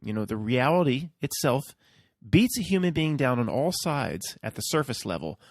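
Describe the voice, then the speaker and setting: A man's voice: mid-range voice, big pitch swings, normal speed, dry recording, clean studio sound. A man hosting his own video, talking in a rambling, casual monologue and often checking in with his listeners. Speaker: video host.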